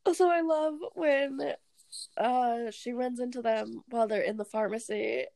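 A woman's voice: on the high side, fairly even intonation, measured pace, creaky, a little mellow, no room sound. A young woman co-hosting a podcast, chatting casually about a movie, laughing often and acting out lines from scenes. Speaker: podcast co-host. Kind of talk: casual movie recap chat.

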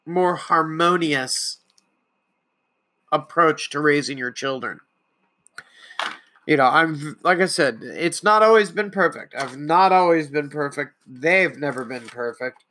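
Bright-voiced trans woman podcaster. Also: fairly low pitch. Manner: conversational, reflective, with frequent restarts and acted-out quotes. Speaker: podcast host. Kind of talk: solo podcast monologue.

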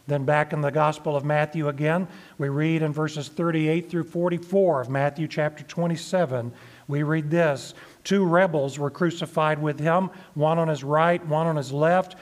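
A man preaching a sermon, reading scripture aloud and explaining it in a measured way, slowing down to stress the verses. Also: a little high, fairly even intonation. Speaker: pastor.

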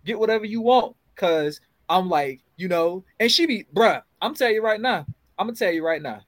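A man co-hosting a podcast, telling animated, profane stories in casual chat. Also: sits high, fairly quick, no echo, low-quality recording. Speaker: podcast co-host.

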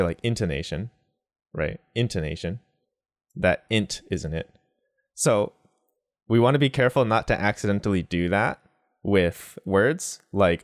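A man with a very deep voice talks through a relaxed language lesson. He explains step by step with examples, mixing in Japanese words. The sound is dry and close. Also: no echo. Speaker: language teacher.

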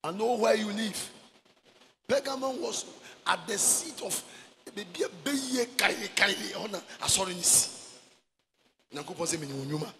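A man preaching a sermon as pastor, mixing Twi and English and shouting for emphasis. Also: sits high, animated, moderate pace. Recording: echoey hall with faint noise.

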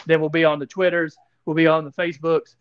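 A man's voice: a little high, flat delivery, quick pace, smooth, highs cut off. A man co-hosting a casual podcast about racing, teasing his partner with hype-man energy. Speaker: podcast co-host.

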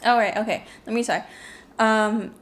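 A woman's voice: fairly high pitch, steady tone, moderate pace. A woman with a Californian accent, co-hosting a casual podcast chat in a giggly, self-deprecating way on a shared microphone. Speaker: podcast co-host. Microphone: single shared microphone. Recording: echoey room, faint background noise.

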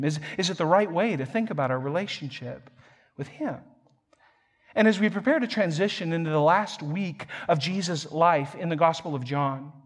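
Male pastor, higher-pitched voice; sermon delivery, self-deprecating, stammering restarts. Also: slightly rough. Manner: self-deprecating, stammers and repeats words, chuckles often. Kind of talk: sermon with personal story.

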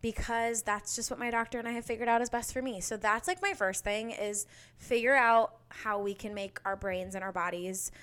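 A woman's voice: on the high side, fairly even intonation, moderate pace, fairly bright tone, smooth. A young woman hosting a podcast, chatting casually and bubbly, with lots of fillers. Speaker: podcast host. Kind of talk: casual solo chat.

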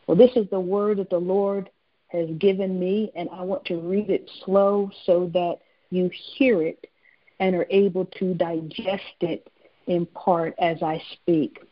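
A woman's voice: on the low side, fairly even intonation, a little slow, dry recording, dull audio. A woman leading a weekly prayer call, praying fervently and reading a prophetic word. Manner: fervent, repetitive address to God. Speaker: ministry call leader.

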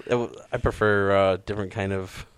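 A man's voice: fairly low pitch, fairly even intonation, a little fast, smooth, no room sound. A man telling a story casually in conversation, laughing easily. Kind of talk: casual chat.

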